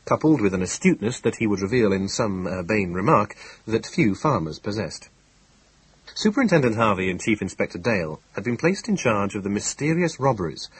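Husky male audiobook narrator. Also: fairly low pitch, dry recording, poor audio. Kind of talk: scripted narration.

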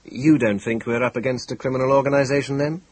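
A brusque, impatient police commissioner, an old army man, from a classic detective story, as a male narrator voices him. He talks in short, clipped questions with a husky, dry tone, pitched a touch above the narration. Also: fairly even intonation, quick pace, darkish tone, no room sound, close to an everyday voice, rough recording.

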